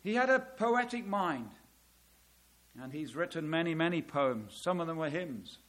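A middle-aged man preaching a sermon, dramatic, swelling loud on key words and dropping to a hush. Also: on the high side, expressive, measured pace.

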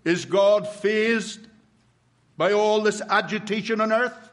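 High-voiced preacher man, emphatic. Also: fairly even intonation. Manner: emphatic, with slow drawn-out stresses and rhetorical questions. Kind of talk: sermon.

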